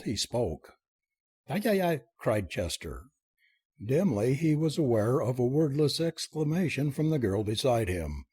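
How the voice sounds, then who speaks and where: A man narrating a comic story as an audiobook reader, reading in a lively, expressive way. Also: mid-range voice, breathy edge, dry recording.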